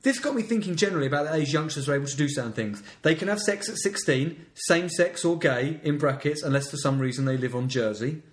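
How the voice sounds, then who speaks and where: A man's voice: on the high side, expressive, fast talker, few pauses, echoey room, a little hiss or hum. A man co-hosting a casual comedy podcast, reading local news stories aloud with a sarcastic, exasperated tone. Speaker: podcast co-host.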